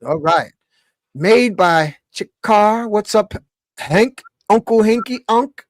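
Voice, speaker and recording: A man hosts a video-call livestream, slangy and loose, shouting out names from the chat. His voice sits a little high for a man. The sound is close and dry. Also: lively intonation, slow pace, no echo. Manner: loose slangy banter, shout-outs to viewers. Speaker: livestream host.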